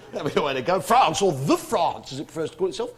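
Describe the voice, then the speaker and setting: A man's voice: high voice, lively intonation, quick pace. A man with an English accent doing brash, mock-patriotic, profane stand-up comedy. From Britain. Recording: loud live audience laughter and noise.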